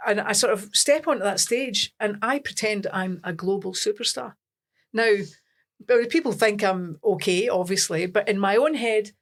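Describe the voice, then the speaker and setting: A Scottish woman, a singer, telling self-mocking stories in a casual interview. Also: medium pitch. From Scotland. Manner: animated storyteller, self-mocking.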